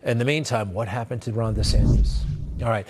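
A man's voice: medium pitch, brisk, noisy background. A man hosting a news show, giving blunt, sarcastic political commentary in a conversational way. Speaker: host.

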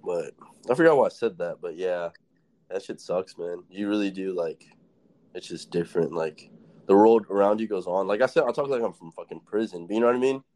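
Young guy rambling thru a story, swears a lot, lowish voice, keeps laughing. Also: a little fast, darkish tone. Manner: rambling, profane, laughs often. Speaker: podcast host. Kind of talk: casual storytelling chat.

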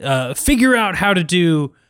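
Smooth-voiced man hosting with dry jokes. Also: sits high, big pitch swings, a little slow, fairly bright tone, no room sound. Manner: jokey, hosting segues, chuckles often. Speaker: podcast co-host. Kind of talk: comedic casual chat.

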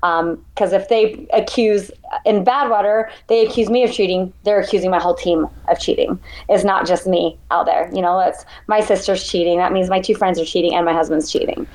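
A woman ultrarunner, a guest in an interview, telling her race story in an animated, emotional way. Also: lowish voice, brisk. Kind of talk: conversational interview.

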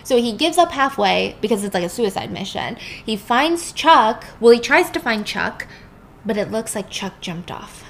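A woman's voice: on the high side, lively intonation, normal speed, creaky, slight background noise. A young woman casually retelling a movie plot in a chatty, slangy, emphatic way. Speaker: storyteller.

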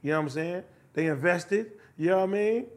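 A man with a fairly high voice speaks in a relaxed, easy-going way during podcast chat. He often tags his sentences with a quick check-in. His delivery is unhurried and conversational. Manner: laid-back, keeps saying "you know what I'm saying". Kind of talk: casual chat.

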